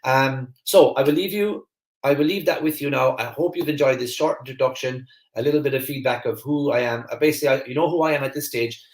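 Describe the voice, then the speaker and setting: Fast-talking man with a Kerry accent. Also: mid-range voice, echoey room. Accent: Irish, Kerry. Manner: fast, energetic, chatty, many fillers and restarts. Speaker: host of a live online masterclass. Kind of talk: live-stream talk to viewers, reading the chat.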